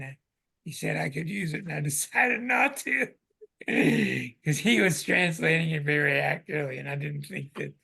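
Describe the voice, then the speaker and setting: Excitable, emphatic male astrology host. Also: a little high, vocal fry, slightly rough. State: out of breath. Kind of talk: live online talk to viewers.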